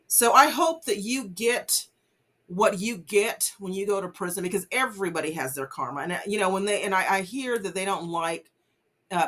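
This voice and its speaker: This vlogger host, a woman with a fairly low and somewhat bright voice, casually discusses a news case. She sounds sincere, uses many fillers including "you know," and tells listeners not to judge.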